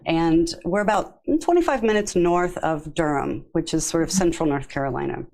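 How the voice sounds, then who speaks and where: Low-voiced woman yoga therapist guest. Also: expressive, moderate pace, creaky, darkish tone, rough recording. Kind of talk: casual interview.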